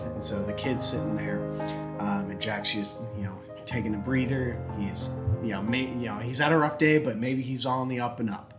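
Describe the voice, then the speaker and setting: A young man casually telling a long, rambling joke as a YouTube host, slipping into quick character voices. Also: mid-range voice, over loud music. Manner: rambling, giggly, acts out characters in quick snippets. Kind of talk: casual storytelling.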